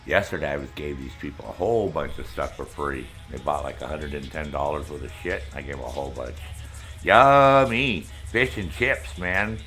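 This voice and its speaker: A middle-aged man from Maine, United States, hosts a relaxed stream chat with viewers in a bright, forceful bass voice at normal speed, with faint music in the background. He tells rambling stories full of swearing as a profane storyteller.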